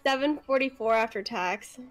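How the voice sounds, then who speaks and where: A woman telling lively stories in a casual group chat, acting out the voices of customers and coworkers. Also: on the high side, measured pace, over music. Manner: lively storyteller, acts out drive-thru voices. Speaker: stream participant.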